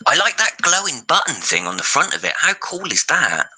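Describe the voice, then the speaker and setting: A man's voice: fairly high pitch, very animated, fairly quick, sharp tone, poor audio. A man co-hosting a casual live podcast, chatty and enthusiastic. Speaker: podcast co-host. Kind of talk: casual livestream chat.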